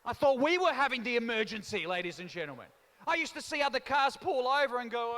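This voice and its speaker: High-voiced comedian in an echoing hall. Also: male voice, quick pace. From Australia, raised by Italian parents. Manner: animated storytelling with mimicry. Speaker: stand-up comedian. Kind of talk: stand-up comedy routine. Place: large town hall before a live audience. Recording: echoing town hall reverb.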